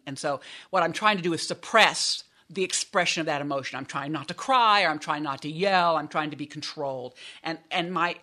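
Her voice is low-pitched and bright, delivered with a forceful tone. Speaking as a guest in an interview, this female business school professor talks through her research casually, frequently breaking off and starting her sentences over.

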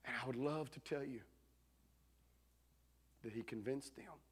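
A male pastor, preaching a sermon as a dramatic story that swings between shouting and hushed tones. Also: mid-range voice, unhurried, breathy edge.

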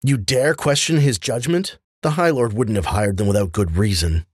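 A man's voice: fairly low pitch, moderate pace, slightly rough, no room sound, studio quality. A man voicing a tense, hostile woman soldier who talks in a clipped, sneering, suspicious way.

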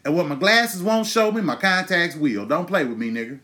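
A man's voice: high voice, expressive, normal speed, bright, forceful tone. A man in his thirties hosting his own show, ranting with angry, profane emphasis and pointed rhetorical questions. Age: 30s. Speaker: podcast host. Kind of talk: impassioned monologue.

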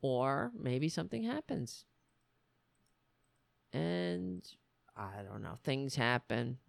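A woman's voice: very deep voice, big pitch swings, slow, vocal fry, no echo. A woman hosting her own show, talking in a casual, sarcastic, profane rant. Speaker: show host. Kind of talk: casual ranting monologue.

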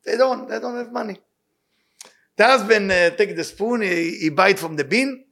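A man giving an impassioned sermon and telling a story, repeating his key words and speaking loose, halting English. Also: high voice, gravelly, pushed and bright. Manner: loose, halting non-native English grammar. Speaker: rabbi giving weekly inspiration.

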